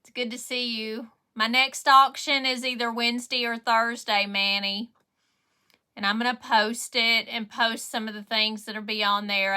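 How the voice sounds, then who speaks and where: A middle-aged woman with a Southern drawl hosts a crafting livestream, chatting easily and greeting viewers one by one. Her voice sits a little high and rings bright and clear. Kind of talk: casual livestream chat to viewers.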